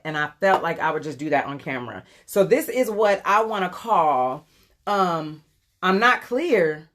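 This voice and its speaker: Answering viewers during a live makeup tutorial, a forties-aged beauty vlogger chats loosely with plenty of ums. She has a lowish voice with a fairly bright tone, recorded through a phone camera.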